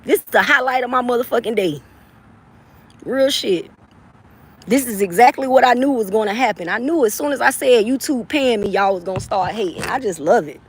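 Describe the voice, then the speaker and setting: A woman's voice: a little high, brisk, slight background noise. A woman from the Southern US chatting casually with her viewers, brash and playful, laughing often and swearing freely. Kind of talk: casual livestream chat.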